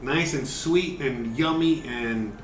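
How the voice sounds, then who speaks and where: A man's voice: mid-range voice, takes it slowly, echoey room, soft background music. A man hosting a casual cooking livestream, chatting and explaining each step, cursing now and then. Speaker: cooking show host.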